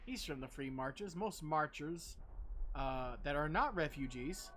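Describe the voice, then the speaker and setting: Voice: medium pitch, lively intonation, measured pace, fairly bright tone, slight background noise. A game streamer giving casual, joking commentary with plenty of swearing and self-deprecating asides.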